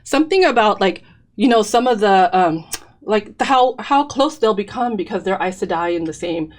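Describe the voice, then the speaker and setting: A woman's voice: mid-range voice, moderate pace. A woman co-hosting a casual fan podcast, eagerly laying out theories with lots of fillers and a bit out of breath. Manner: excited, theorizing, many fillers. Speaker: podcast co-host.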